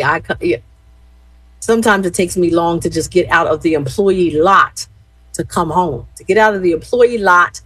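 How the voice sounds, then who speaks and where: A middle-aged woman hosting radio in a chatty, animated way, talking straight to her listeners. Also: fairly low pitch, husky, no echo, low-quality recording. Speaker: radio host. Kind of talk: casual radio chat and shout-outs.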